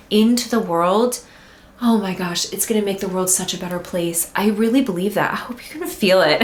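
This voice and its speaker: A woman hosting her own podcast as a voice teacher, talking to singers in an earnest, heartfelt, emphatic way. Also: medium pitch. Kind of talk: encouraging solo podcast talk. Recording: roomy echo.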